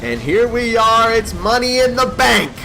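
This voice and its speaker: A man giving mock play-by-play wrestling commentary over gameplay, excitable like a hype announcer. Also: very high voice, a little slow, gravelly, slight background noise.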